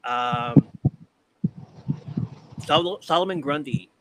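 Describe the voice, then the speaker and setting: The podcast host, with a slightly high voice, draws out his words as he runs down a ranked list on a live stream. His manner is loose and profane, he often trails off to restart, and clicks and clear background noise come through.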